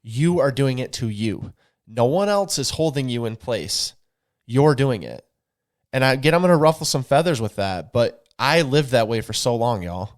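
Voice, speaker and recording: A man speaking on a podcast in an earnest, preachy way. His voice sits at an average pitch for a man, and he often turns straight to his listeners with a "y'all.". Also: lively intonation, normal speed. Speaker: podcast co-host. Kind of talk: candid podcast conversation.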